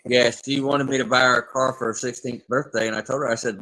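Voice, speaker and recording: Man, forceful bright tone, plainspoken storyteller. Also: medium pitch, fairly even intonation, fast talker, hardly any pauses, poor audio. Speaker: parent on a radio talk panel. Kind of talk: casual chat.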